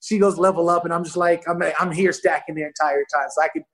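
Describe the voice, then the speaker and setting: Guy guesting on a podcast, high voice, animated stories full of quoted voices. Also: fast. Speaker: guest football player. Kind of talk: casual podcast chat.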